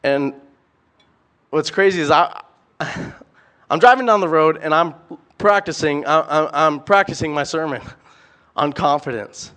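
A young man preaching a sermon, animated and emphatic, firing off rhetorical questions and repeating words. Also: a little high, measured pace, pauses often.

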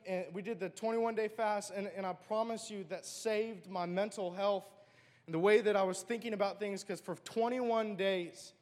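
A man's voice: high-pitched, a little mellow, in a large hall. A man giving an earnest, emotional personal testimony as a church speaker.

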